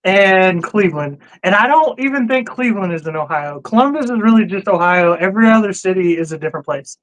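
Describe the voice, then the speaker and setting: Man joking around, high voice, cussing, casual chat. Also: expressive, fairly quick, a bit bright, poor audio. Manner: joking, profane, laughs often. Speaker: co-host. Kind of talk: casual banter.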